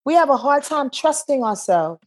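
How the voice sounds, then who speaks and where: A woman's voice: high-pitched, expressive, normal speed, a little mellow. A woman as a podcast guest, talking casually and animatedly, acting out inner voices as she explains.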